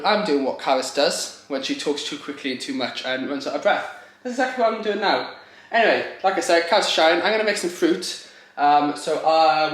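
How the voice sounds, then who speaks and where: A man's voice: a little high, fairly bright tone, roomy sound. A young man chatting casually to camera at home, talkative and rambling with a jokey tone. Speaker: vlogger. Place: kitchen at home.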